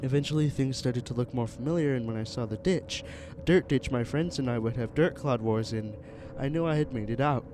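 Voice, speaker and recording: A man narrating a first-person horror story in an earnest, halting way, with small restarts. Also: mid-range voice, noisy background. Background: music.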